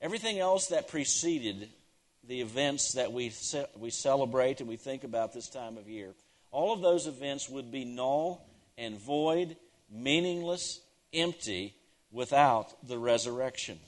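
Male pastor, sermon delivery, mid-pitched voice, emphatic repetition, rises to ringing declarations, drops to hushed tones. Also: animated, unhurried. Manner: swings from loud declarations to hushed, near-whispered lines; emphatic, repeats key phrases.

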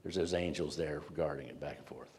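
A man's voice: a bass voice, brisk, a little mellow, slight background noise. A man preaching a sermon to a congregation, in an emphatic storytelling way that repeats words for weight. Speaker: pastor. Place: church sanctuary with congregation. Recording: long church hall reverb.

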